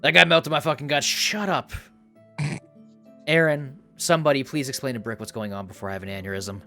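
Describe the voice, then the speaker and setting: A man voicing a crazed, hot-tempered one-eyed gunman who swears and yells in fits of rage. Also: mid-range voice, fairly even intonation, moderate pace, soft background music. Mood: exasperated.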